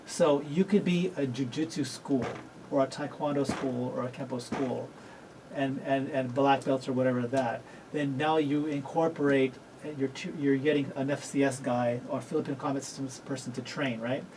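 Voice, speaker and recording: A man's voice: medium pitch, steady tone, moderate pace, recorded from a distance, background noise. Rambling male radio host. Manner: rambling, self-correcting, laughs readily. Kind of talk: casual radio talk interview.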